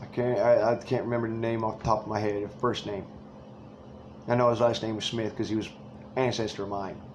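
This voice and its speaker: A man's voice: fairly low pitch, level tone, brisk, slight background noise. Man with a drawl, ranting. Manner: angry, swearing, rambling. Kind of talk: profane political rant.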